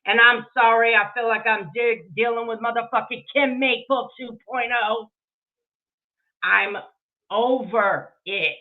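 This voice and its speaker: A woman's voice: on the high side, fairly even intonation, measured pace. A woman ranting angrily to her viewers, cursing heavily and speaking sarcastically, with a tinny, phone-like sound. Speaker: online drama commentator. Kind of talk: angry profane rant to viewers.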